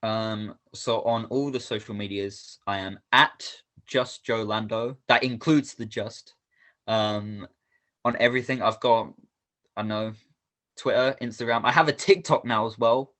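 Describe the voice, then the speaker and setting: Man, interview guest, halting and modest, lowish voice. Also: steady tone. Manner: soft-spoken, hesitant, many ums. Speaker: professional wrestler, guest. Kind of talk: casual interview answers.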